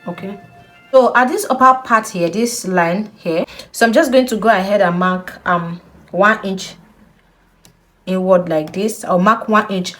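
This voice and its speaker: A young woman giving a patient step-by-step sewing tutorial, repeating key points and checking in with the viewer. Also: medium pitch. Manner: slow, patient, repeats instructions with frequent "okay?". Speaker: sewing instructor.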